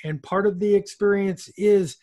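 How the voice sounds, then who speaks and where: A man hosting a ham radio video, talking casually to camera with a loose, chatty manner and frequent pauses and uhs. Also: high voice, steady tone, a little mellow.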